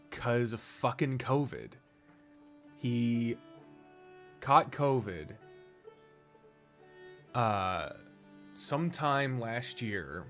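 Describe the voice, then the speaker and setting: A man's voice: mid-range voice, fairly bright tone. A man streaming a strategy game, chatting casually, swearing freely and rambling from topic to topic. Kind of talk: casual live-stream commentary while gaming.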